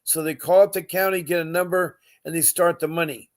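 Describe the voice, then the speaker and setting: A man's voice: fairly high pitch, steady tone, a little fast. A man hosting a live podcast, talking earnestly and emotionally, often repeating himself and greeting viewers. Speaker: podcast host.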